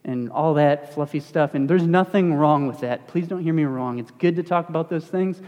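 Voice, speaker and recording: A young man delivers a relaxed, talky sermon as student pastor, his voice sitting a little high for a man. His speech is animated and self-deprecating. The church hall gives it a long, ringing tail. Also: normal speed. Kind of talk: casual sermon with stories. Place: church sanctuary.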